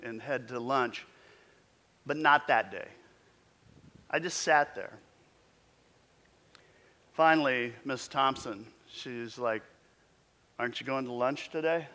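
A man's voice: mid-range voice, pushed and bright. A pastor in his fifties telling a story in a conversational, reflective sermon. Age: 50s. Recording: long echoing reverb.

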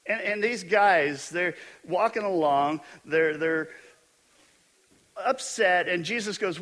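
A middle-aged male pastor preaching a sermon, telling stories with animated, self-mocking humor. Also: on the high side, measured pace.

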